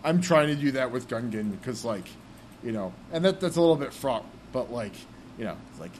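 A man's voice: medium pitch, animated, a little fast, a little mellow, a little hiss or hum. A man hosting a casual podcast, rambling with lots of fillers, and reading the show's sign-off. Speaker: podcast host. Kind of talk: casual chat.

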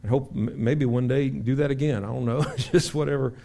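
A man preaching a sermon as pastor in a church, telling stories with lively acted-out shouts. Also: medium pitch, brisk, gravelly. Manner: animated storytelling with acted-out shouts. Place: church sanctuary.

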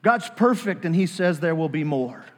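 A man preaching a sermon, animated, leading the congregation in call-and-response. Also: fairly high pitch, normal speed, in a large hall. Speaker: pastor.

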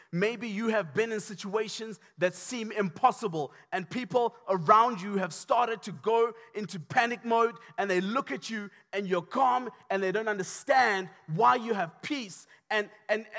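A man preaching a sermon, passionate and repetitive, building to shouts. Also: high voice, unhurried, few pauses. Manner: impassioned, repetitive, rising to shouts. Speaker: pastor.

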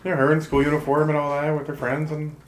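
A woman running a tabletop game, bantering in a lively way and making puns. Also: low-pitched, quick pace, slight background noise. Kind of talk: casual tabletop game chat.

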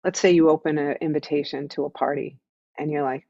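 A woman's voice: deep voice, fairly even intonation, a little fast, creaky, warm tone, dry recording. A woman who teaches meditation, explaining her ideas as an interview guest in an earnest, teaching tone and often checking in with "right?". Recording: dull, dry recording.

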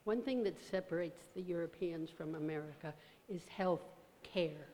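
A woman's voice: lowish voice, moderate pace, a little mellow, a little hiss or hum. A woman in the audience at a public talk asking a question, insistent and persistent. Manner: insistent, persistent, keeps the floor. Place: large church hall. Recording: reverberant church hall.

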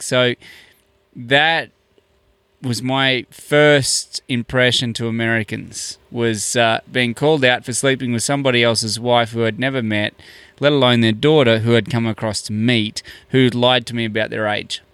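Gravelly man telling a story. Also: medium pitch, a little slow, dry recording. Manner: animated, acts out quoted dialogue with many "I'm like". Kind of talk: casual storytelling.

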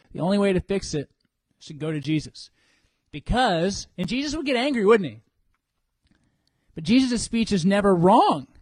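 A man preaching a sermon in an animated way, acting out what people think in church. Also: on the high side, dry recording. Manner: animated, acts out congregants' inner voices. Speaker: pastor.

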